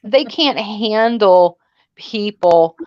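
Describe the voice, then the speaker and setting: A woman's voice: mid-range voice, expressive, extremely slow, no room sound, muffled recording. A woman co-hosting a casual livestream panel, talking bluntly and bossily and tossing out insults. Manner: blunt, bossy and name-calling. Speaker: panel co-host.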